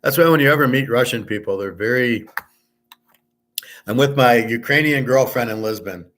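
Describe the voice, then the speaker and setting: A man hosting a casual livestream, talking loud and clear on purpose, blunt and opinionated, rambling from one point to the next. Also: mid-range voice, normal speed. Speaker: sports handicapping show host. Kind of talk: casual livestream chat with viewers.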